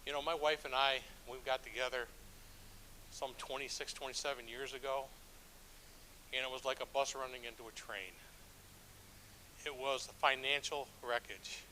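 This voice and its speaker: A man's voice: mid-range voice, pushed and bright, a little hiss or hum, low-quality recording. A middle-aged man, a church elder, preaching a sermon with stories in a conversational, self-deprecating way, with frequent restarts. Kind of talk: sermon with storytelling.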